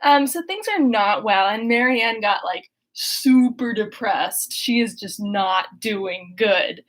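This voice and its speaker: A woman's voice: mid-range voice, animated, takes it slowly, a bit bright. A young woman chatting in a rambling way from her bedroom, then reading a book aloud. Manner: rambling, chatty, full of fillers. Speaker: host and reader. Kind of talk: casual chat and reading aloud.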